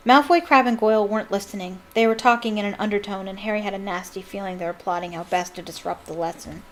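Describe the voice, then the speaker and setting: A woman's voice: medium pitch, steady tone, quick pace, few pauses, slight background noise, rough recording. A woman who reads a novel aloud as a fan, with enthusiastic, chatty asides. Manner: enthusiastic, laughs at her own asides.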